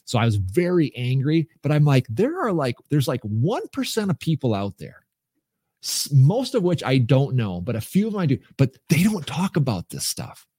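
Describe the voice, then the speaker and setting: A middle-aged man speaks as a podcast guest, his story earnest and emphatic, often restarting his sentences. His voice sits at an ordinary middle pitch. The sound is dry and close, with no room echo. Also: very animated, normal speed, warm tone, breathy edge. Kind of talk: candid personal storytelling.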